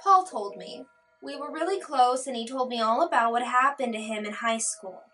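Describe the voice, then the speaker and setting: A woman's voice: on the high side, normal speed, fairly bright tone, distant mic, faint music behind, natural voice. A woman voicing an earnest, eager young college girl who is a lab partner with a crush.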